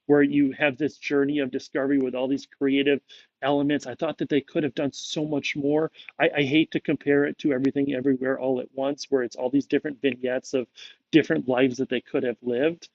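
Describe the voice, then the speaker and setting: A man's voice: mid-range voice, no echo, lo-fi sound. A man giving a casual, conversational movie reaction, musing aloud with frequent fillers. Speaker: movie reviewer.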